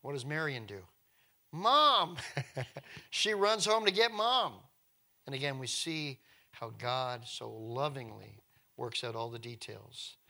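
A male preacher giving a sermon as animated storytelling, swinging from hushed to loud and often repeating words. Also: mid-range voice, measured pace, vocal fry.

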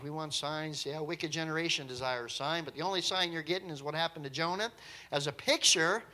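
A man's voice: a little high, bright, forceful tone. A man preaching a sermon in a conversational, emphatic way, with light chuckles now and then.

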